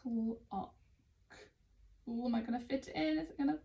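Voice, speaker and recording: A woman with an English accent teaching phonics to young children, sounding out letters slowly and praising often. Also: on the high side, creaky, mellow. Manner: slow, sounding out letters, encouraging. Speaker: early years teacher.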